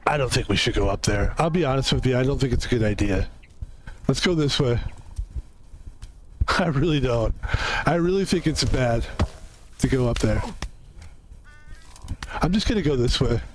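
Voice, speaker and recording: A man's voice: mid-range voice, expressive, moderate pace, long pauses, slight background noise. A man streaming a video game and musing aloud in casual, rambling commentary.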